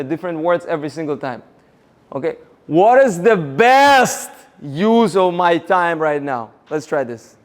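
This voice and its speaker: A man giving a motivational seminar talk, energetic and rallying the audience with questions. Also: on the high side. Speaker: seminar speaker.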